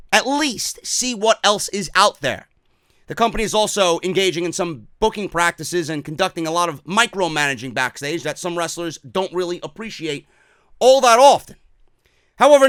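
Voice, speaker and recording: A man's voice: sits high, fairly bright tone, smooth, no echo. A man with a New York accent hosting a wrestling talk show, giving blunt, profane, emphatic opinions in casual commentary.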